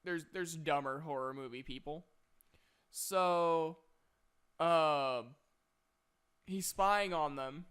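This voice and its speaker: A man's voice: fairly high pitch, takes it slowly, pauses often, fairly bright tone, clean tone. A young man in a casual spoiler review of a movie, retelling the plot in a rambling way with many filler words.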